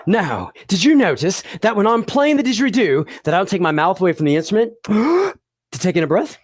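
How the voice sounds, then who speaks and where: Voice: mid-range voice, big pitch swings, fairly quick, no echo. A performer presenting an educational show for children, playful and encouraging, often laughing and asking the audience questions. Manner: addresses the audience directly with questions.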